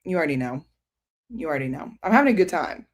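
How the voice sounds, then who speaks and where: Low-voiced chatty woman streamer. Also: sing-song, fast. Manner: chatty, rambling, answers viewer comments; many fillers like "um" and "like". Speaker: book streamer. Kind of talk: casual livestream chat.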